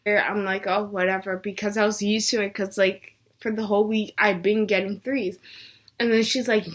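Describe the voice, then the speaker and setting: A woman's voice: mid-range voice, steady tone, normal speed. A young woman vlogger telling a personal story in a casual chat, saying "like" a lot. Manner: chatty, says "like" a lot.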